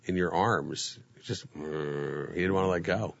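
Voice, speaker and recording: Man, host, casual chat, low voice, calm and steady, joking, dull muffled audio. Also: measured pace, gravelly, dry recording. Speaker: podcast host.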